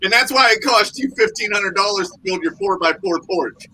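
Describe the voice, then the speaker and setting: A man joking with quick, animated interjections in casual chat. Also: high voice, slight background noise, poor audio.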